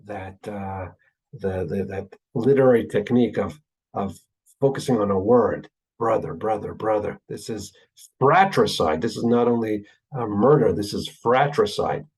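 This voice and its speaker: A man's voice: on the low side, a little mellow, breathy edge, low-quality recording. Man teaching scripture, checking with "right?". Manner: thinks aloud with many uh fillers and checking "right?"; emphatic repetition for teaching. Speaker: Bible lecturer. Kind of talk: recorded lecture.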